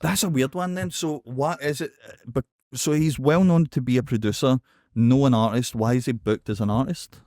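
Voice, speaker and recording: A man's voice: medium pitch, no room sound, studio quality. A man with a Scottish accent co-hosting a podcast, bantering and laughing easily. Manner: lively, quick to laugh. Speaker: podcast co-host. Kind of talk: casual banter.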